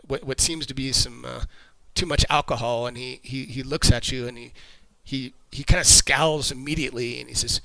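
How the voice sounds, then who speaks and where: A man running a tabletop game as game master, narrating in loose, halting, conversational bursts. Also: mid-range voice, steady tone, vocal fry, pushed and bright, dry recording, poor audio.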